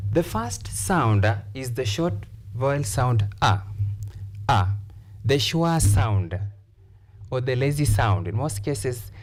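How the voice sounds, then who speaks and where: A male teacher talks at a very slow, measured pace. His pitch sits in the middle range. He says each word carefully and often repeats it for emphasis. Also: darkish tone. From Kenya. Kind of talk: classroom lesson on pronunciation.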